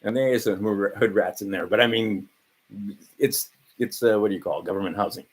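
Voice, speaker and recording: A man's voice: lowish voice, brisk, low-quality recording. A man of around 60 from Hawaii, rambling through a profane vlog monologue full of fillers and asides. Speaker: vlogger.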